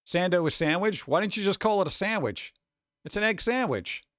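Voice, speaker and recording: A man's voice: high voice, expressive, a little fast, fairly bright tone, no room sound, clean studio sound. A man from New York with a New York accent, hosting a casual livestream and reacting to chat in a sarcastic, mock-exasperated way. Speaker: streamer host.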